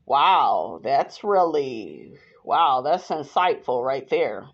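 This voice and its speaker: A woman podcast host in a sassy, animated casual commentary, reading viewer comments and calling her listeners honey. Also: a bass voice, takes it slowly, lo-fi sound.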